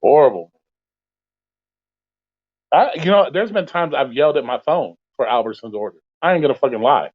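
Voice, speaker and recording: A man's voice: mid-range voice, lively intonation, moderate pace, long pauses, no echo. Man, casual profane rant, forum host, phone-line sound, dry. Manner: blunt, swears constantly, rants. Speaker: host of an open forum talk stream.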